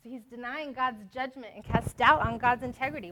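A woman's voice: sits high, brisk, few pauses, noisy background. A woman teaching a Bible study, reading verses aloud and explaining them with emphatic, conversational asides. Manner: explaining, emphatic, with fillers and restarts. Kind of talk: spoken scripture lesson.

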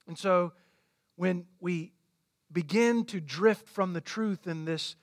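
Emphatic, high-voiced pastor preaching. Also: male voice, slow, no echo, clean studio sound. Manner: emphatic, repeats points for stress. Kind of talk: sermon.

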